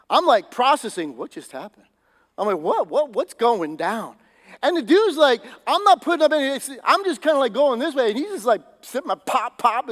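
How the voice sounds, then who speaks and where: A pastor delivers his sermon in a casual, storytelling manner, his voice sitting noticeably high for a man. The sound rings out with the long tail of a big church hall. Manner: conversational storytelling, animated. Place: church sanctuary.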